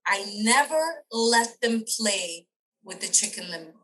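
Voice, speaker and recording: A middle-aged woman, a podcast guest, telling a personal story in casual interview chat. She is animated, acts out the voices of people she quotes and laughs often. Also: on the high side, a little slow, poor audio.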